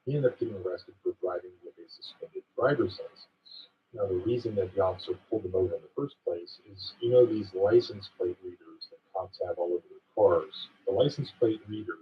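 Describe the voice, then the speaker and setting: A man's voice: low-pitched, fairly quick, few pauses, a little hiss or hum. A man delivering indignant, emphatic online news commentary, heard as distant, dull clip audio. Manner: indignant, pointed.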